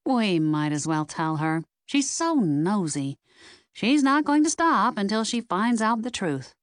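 A woman's voice: medium pitch, big pitch swings, a little slow, no room sound, studio quality, pitched above the performer's own voice. A woman voicing a defensive, flustered woman who has been caught having an affair.

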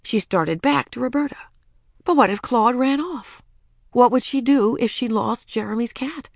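A woman narrating a children's storybook in a lively, expressive way. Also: a little high, normal speed, vocal fry, dry recording, studio quality. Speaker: audiobook narrator.

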